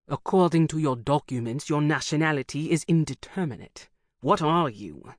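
A man's voice: on the high side, lively intonation, normal speed, no room sound, studio quality, close to an everyday voice. A narrator voicing a harried, grudging male French official with a French accent, curt and weary. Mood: suspicious. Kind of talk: audiobook character voice.

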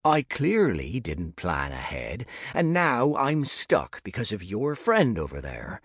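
A man's voice: lowish voice, huge pitch swings, slow, fairly bright tone, breathy edge, dry recording, clean studio sound, full character voice. A man voicing an arrogant young male lich in an audiobook, sneering and taunting theatrically. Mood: smug. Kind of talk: audiobook character voice.

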